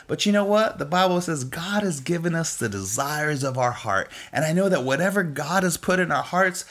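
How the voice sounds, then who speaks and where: A man giving an encouraging faith-based talk in a relaxed, conversational way, with frequent chuckles and "you know". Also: on the high side, normal speed, few pauses.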